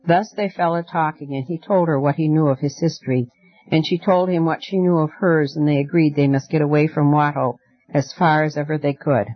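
A man reads a fairy tale aloud in a measured, even way, his voice fairly high. The recording is dull and muffled, and dry with no room echo. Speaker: audiobook reader. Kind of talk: scripted narration.

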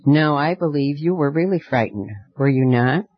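A man voicing a frightened young man who fears the dark, pleading earnestly, in a dull, dry lo-fi recording. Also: fairly high pitch, normal speed, dry recording, faint music behind, close to an everyday voice. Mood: apologetic.

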